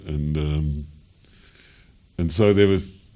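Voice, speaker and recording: An older London man with a Cockney accent speaks in a bass voice, very slowly and with a dark tone. He's a jazz singer rambling through stories from his life in an interview, full of ums and you-knows, chuckling along the way.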